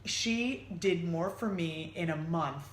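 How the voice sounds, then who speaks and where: A middle-aged woman co-hosting a casual chat, telling stories and acting out quotes in high, excited voices. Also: slow. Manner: animated storyteller, acts out quotes in high voices. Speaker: podcast co-host. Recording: echoey room, faint noise.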